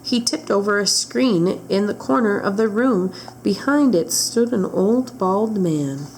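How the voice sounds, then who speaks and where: A woman's voice: medium pitch, expressive, unhurried, slight background noise, poor audio. A woman librarian reading a storybook aloud at storytime, narrating steadily and correcting small slips.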